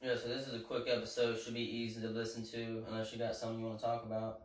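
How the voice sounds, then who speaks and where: A man's voice: medium pitch, completely flat delivery, rapid-fire. A man co-hosting a casual podcast, rambling through a story and questioning himself as he goes. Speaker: podcast co-host. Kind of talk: casual chat. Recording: echoey room, distant mic, faint noise.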